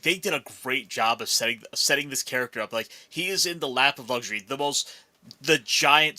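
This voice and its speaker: Sharp-toned man analyzing a film. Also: mid-range voice. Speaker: podcast co-host. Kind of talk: casual film discussion.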